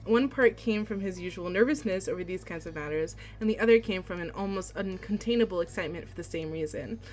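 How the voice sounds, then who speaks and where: A woman streamer reading a visual novel aloud, excitable and giggly, with squealing reactions between read passages. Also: fairly low pitch, fast.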